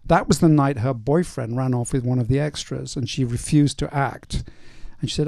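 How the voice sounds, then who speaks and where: An older male film director in a casual stage Q&A, telling anecdotes in a relaxed way with many fillers. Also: medium pitch, moderate pace, gravelly, no echo. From North East England. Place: cinema auditorium.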